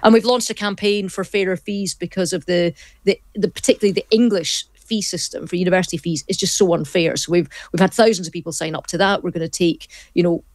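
A woman politician answering interview questions briskly, often repeating words as she starts a point. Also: fairly low pitch, steady tone, no room sound. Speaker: politician guest.

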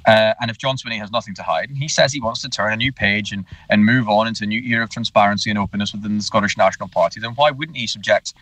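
A man's voice: lowish voice, fast, hardly any pauses, a bit bright, no echo. A male politician speaking in a radio interview by phone, making an insistent, argumentative case. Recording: distant, unsteady phone line.

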